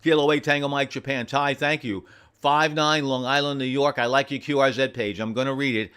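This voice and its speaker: A man running an amateur radio station from home, friendly and repeating call signs slowly and carefully. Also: mid-range voice, fairly even intonation, a bit bright, smooth. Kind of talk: on-air radio contacts, reading call signs.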